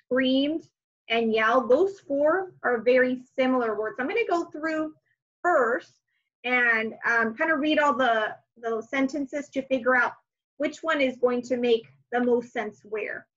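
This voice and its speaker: A woman teacher with a somewhat high voice leads young children through their homework, musing aloud with soft hums and fillers. The sound is a little dull and lo-fi.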